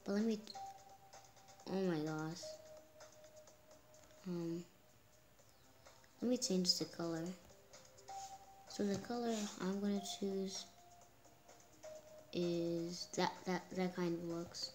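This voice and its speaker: Excitable woman narrating a phone game, slow-spoken. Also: lowish voice. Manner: excitable, exclaims often, talks herself on. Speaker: gameplay streamer. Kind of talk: casual gameplay commentary. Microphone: phone screen recording. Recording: clear game music underneath. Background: game music.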